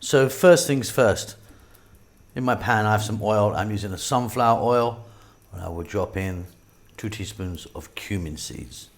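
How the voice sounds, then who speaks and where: A middle-aged man with a London accent and a strikingly deep, low voice. As a cooking host, he talks the viewer through a recipe in calm, orderly steps. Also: measured pace, gravelly. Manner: calm, step-by-step instructions. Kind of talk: recipe demonstration.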